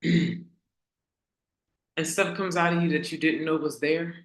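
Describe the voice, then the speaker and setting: A woman hosting a casual motivational talk for her online community, asking rhetorical questions and repeating key lines slowly for emphasis. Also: sits low, fairly even intonation, roomy sound. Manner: conversational, asks the audience rhetorical questions. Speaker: host.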